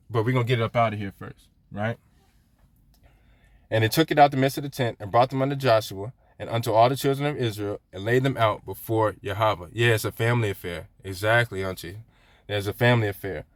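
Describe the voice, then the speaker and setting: Man teaching scripture in a loose, chatty way, mid-pitched and recorded dry and close. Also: no room sound. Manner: conversational, peppers lines with "right?", laughs often; chats with viewers while reading scripture aloud. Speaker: Bible study teacher. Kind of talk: casual livestream Bible teaching.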